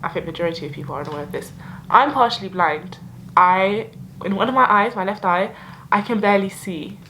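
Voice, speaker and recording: A woman's voice: mid-range voice, a little fast, sharp tone, a little hiss or hum, rough recording. Heartfelt young woman vlogging. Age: young adult. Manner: heartfelt, emotional, many filler likes. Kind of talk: reflective year-end vlog.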